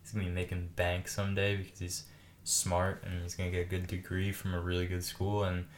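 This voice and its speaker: Young male podcast co-host, very low voice, jokey swearing banter, faint hiss behind. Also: monotone, fairly quick. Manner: jokey, laughs often, swears casually. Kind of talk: casual chat.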